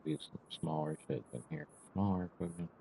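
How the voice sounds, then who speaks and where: A man's voice: low voice, fairly even intonation, a little fast, creaky, warm tone, slightly rough. A man casually talking to himself while playing a farming game, rambling and now and then ranting in disbelief. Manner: talks to himself, rambling, flares into exasperated rants. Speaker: gaming streamer. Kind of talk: casual gameplay commentary.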